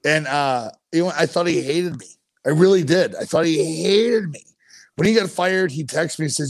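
Blunt, dry-sounding former player. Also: male voice, fairly high pitch, moderate pace, no echo. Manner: blunt, profane storytelling. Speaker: podcast co-host, former hockey player. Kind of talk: casual chat.

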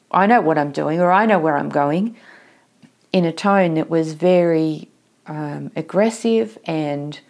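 A woman with a somewhat low voice talks listeners through how words and tone land at work. She muses on her own habits and keeps putting questions to the listener. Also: a little mellow. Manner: reflective, asks the listener questions. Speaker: workplace communication coach. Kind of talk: solo talk to listeners.

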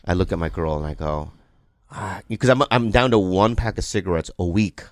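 A man in casual podcast chat, telling a story with lots of energy and acting out other people's voices loudly. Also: sits low, lively intonation, fairly quick, no echo, clean studio sound.

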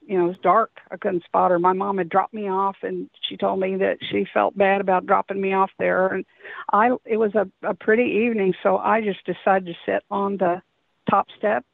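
A woman's voice: mid-range voice, vocal fry, no room sound. A woman calling in to tell a long story, hesitant and rambling with many restarts, heard over a telephone. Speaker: caller recounting an encounter. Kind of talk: phone-in storytelling. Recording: tinny dry phone line.

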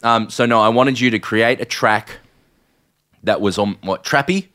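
A man with an Australian accent co-hosting a casual podcast chat, joking in a deadpan way. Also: medium pitch, unhurried. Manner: joking, deadpan, bursts into loud sing-song rapping. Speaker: podcast co-host.

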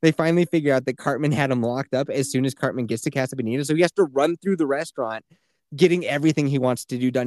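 A man's voice: medium pitch, fast talker, darkish tone, dry recording, studio quality. A man in his thirties, a podcast host, telling a story in casual chat, swearing freely and acting out the people he quotes.

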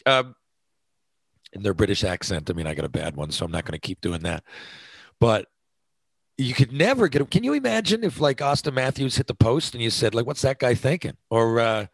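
A man's voice: medium pitch, sing-song, a little fast, vocal fry, slightly rough, dry recording, poor audio. A man talking casually on his podcast, chatty and self-deprecating, with lots of fillers and restarts. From North America. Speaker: podcast host. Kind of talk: casual rambling monologue.

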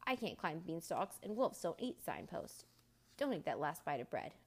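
A woman voicing a blunt, gruff talking signpost in a storybook reading. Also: mid-range voice, slow pace, full character voice.

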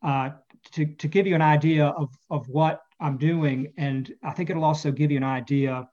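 A man, an author and interview guest, talking about his novel and reading passages from it, with halting speech full of fillers and repeated words, on muffled lo-fi audio. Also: fairly high pitch, fairly even intonation, a little mellow.

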